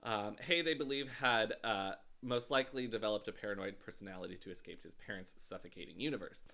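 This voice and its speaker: Bright-voiced man recounting a case. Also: lowish voice, fast, vocal fry. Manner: hesitant, many ums and uhs, dry asides. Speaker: podcast co-host telling a true-crime story. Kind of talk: casual chat, recounting a case.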